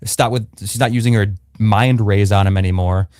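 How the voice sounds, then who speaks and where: A man's voice: lowish voice, fairly even intonation, normal speed, a little mellow, no room sound, clean studio sound. A man co-hosting a casual livestream review, talking in a joking, emphatic, playful way. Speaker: podcast co-host. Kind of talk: casual fan review chat. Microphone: livestream microphone.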